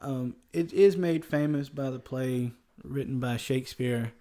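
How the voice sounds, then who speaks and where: A man's voice: mid-range voice, unhurried, dark tone. A man with a Southern US accent hosting a casual history podcast, chuckling often as he talks. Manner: chuckles often, loose and conversational. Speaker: podcast host.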